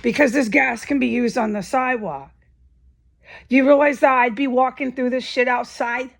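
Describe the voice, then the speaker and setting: A woman with a gravelly, fairly high voice rants on camera, agitated and cursing freely. Her pitch jumps up when she gets worked up, then drops low again. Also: moderate pace. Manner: agitated and profane, voice rising to near-shouts. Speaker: vlogger. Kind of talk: angry ranting monologue.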